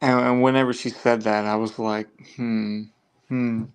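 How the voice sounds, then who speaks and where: A man chatting casually about a film, recounting favorite scenes in a relaxed, easygoing way. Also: mid-range voice, fairly quick, clear, resonant tone. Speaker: movie podcast co-host.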